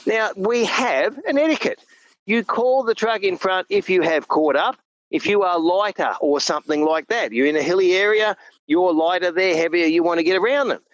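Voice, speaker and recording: A man's voice: sits high, moderate pace, low-quality recording. A middle-aged Australian man, a truck driver guest, talking emphatically and earnestly in a casual chat.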